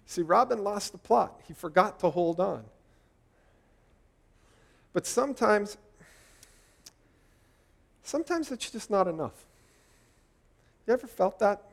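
A man's voice: high voice, animated, measured pace, pauses often. A man in his forties preaching a sermon, talking conversationally and putting rhetorical questions to the congregation. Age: 40s.

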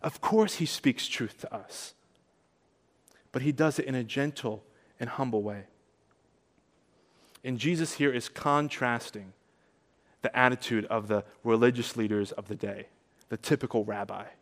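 A man preaching a sermon, earnest and conversational, rising to emphatic peaks and dropping soft. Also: mid-range voice, in a large hall. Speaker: pastor.

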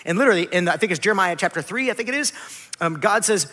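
Animated high-voiced male preacher. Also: rapid-fire, in a large hall. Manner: animated preaching, drops to soft quiet asides. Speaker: pastor. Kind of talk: sermon.

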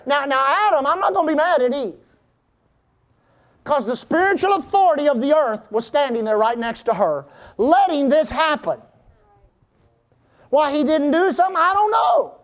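A middle-aged pastor with a high-pitched voice preaches to his congregation and has them repeat his words back to him. He reads scripture in old-fashioned wording and now and then breaks into shouted exclamations. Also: animated, normal speed, pauses often. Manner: preaching with call-and-response to the congregation. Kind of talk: sermon.

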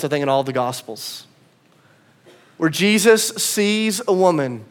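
A male pastor preaching a sermon, conversational and swinging from quiet asides to emphatic calls. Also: high-pitched.

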